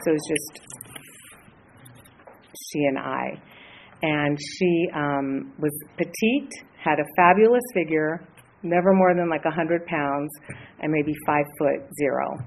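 A woman in her late fifties, from the Los Angeles area, sharing her story at a recovery meeting, hesitant and earnest with many pauses. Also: deep voice, steady tone, creaky, slight background noise, rough recording. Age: 50s. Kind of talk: personal share at a support meeting.

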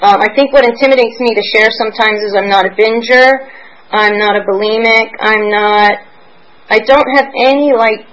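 A woman in her forties from Pennsylvania sharing her personal story at a recovery meeting, rambling and candid, emotional at times, with soft laughs. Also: on the high side, steady tone, normal speed, poor audio. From Pennsylvania, United States. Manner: emotional and searching.

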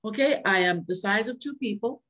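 A woman's voice: medium pitch, fairly quick, a bit bright. An older woman speaking candidly over a video call, sharing her recovery story at a meeting with repeated refrains. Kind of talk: personal recovery share.

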